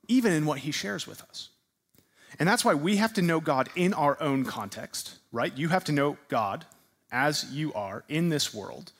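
In a slightly bright voice on the high side, a man teaches a class that sounds like a sermon. He quizzes his listeners, repeats what they answer, and uses repeated words hard for emphasis.

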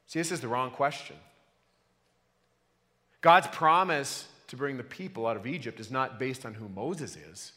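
A man's voice: fairly high pitch, animated, a little slow, long pauses, bright, forceful tone. A man preaching a sermon to his church, earnest and emphatic, often putting questions to the congregation. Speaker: pastor. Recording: long hall reverb.

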